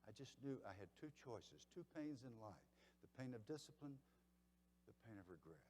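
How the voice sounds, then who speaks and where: A man in his seventies with a Southern accent gives a motivational keynote at a banquet, telling stories dramatically and swinging from hushed to loud. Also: medium pitch, big pitch swings, normal speed, long reverb tail, a little hiss or hum. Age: 70s. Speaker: keynote speaker. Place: large banquet hall.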